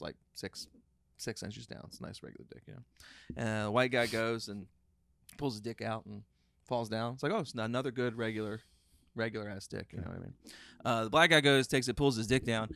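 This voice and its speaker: A man's voice: lowish voice, brisk, vocal fry, a bit bright, clear, resonant tone, no room sound, clean studio sound. A man hosting a casual comedy podcast, swearing easily, repeating himself and laughing often. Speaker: podcast host.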